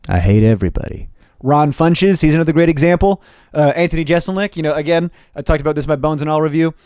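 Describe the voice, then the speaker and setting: A young man, a stand-up comedian, riffing casually to camera in a fast, animated way with profane jokey asides. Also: fairly high pitch, no room sound. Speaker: stand-up comedian and video host.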